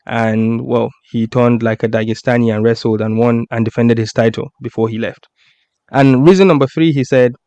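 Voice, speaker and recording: A man hosts a casual live stream, talking and reading posts aloud with frequent laughter. His voice is smooth and resonant at an ordinary pitch. The sound is dry and close. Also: a little mellow, no echo. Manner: laughs often, reads tweets aloud. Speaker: podcast host.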